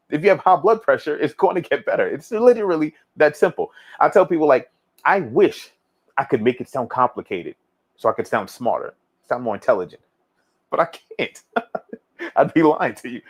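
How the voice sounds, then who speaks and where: A man hosting a fitness livestream, chatting casually and reading viewer comments aloud, relaxed and rambling, repeating himself and laughing often. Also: mid-range voice. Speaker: fitness coach livestream host.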